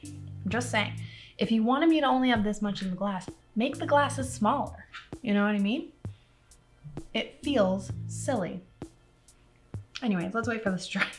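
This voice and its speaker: A young woman vlogger chats casually with her viewers during a makeup tutorial, rambling and making jokes at her own expense. Her voice is fairly high at a moderate pace with long pauses, recorded on a tripod-mounted camera over soft background music.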